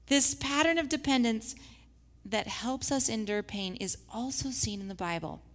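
A woman teaching a faith-based lesson with slides, who acts out the scripture quotes in lively voices. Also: on the high side, normal speed, long reverb tail. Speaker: Bible study teacher.

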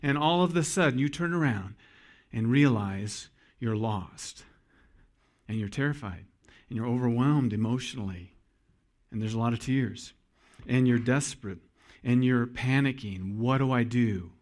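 A man's voice: mid-range voice, darkish tone. Earnest male pastor telling a story. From Iowa. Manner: storytelling, earnest, pauses for emphasis. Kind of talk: sermon.

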